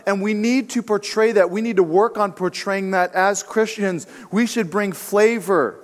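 A man's voice: high voice, measured pace. A man preaching with a slightly raised voice, conversational and emphatic, and he mixes casual asides into his sermon. The sound trails off with the long reverb of a church hall. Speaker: pastor.

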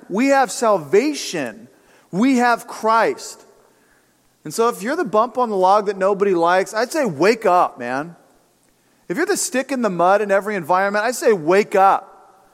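Man preaching in a reverberant hall. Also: sits high. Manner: conversational, emphatic preaching with asides. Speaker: pastor. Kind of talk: sermon. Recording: long reverb of a church hall.

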